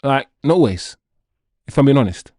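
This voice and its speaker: In clean studio audio without echo, a medium-pitched man at normal speed hosts a football livestream. He reads out what his viewers write and answers chat directly in a casual, playful, animated manner.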